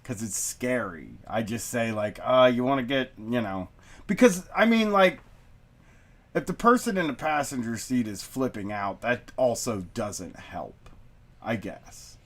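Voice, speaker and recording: A man's voice: mid-range voice, very animated, a little slow. A middle-aged man hosting a podcast in casual chat, talking in a loose, rambling way and swearing freely. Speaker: podcast host. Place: studio basement.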